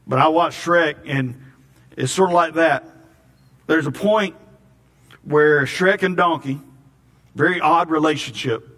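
A man's voice: a little high, measured pace, pauses often, fairly bright tone. A man preaching a sermon in a folksy, storytelling way, often repeating words. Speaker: pastor.

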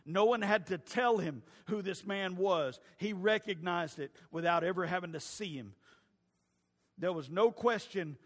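Pastor, high bright voice, loud preaching with hushed drops, long hall reverb. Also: male voice, measured pace. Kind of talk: sermon.

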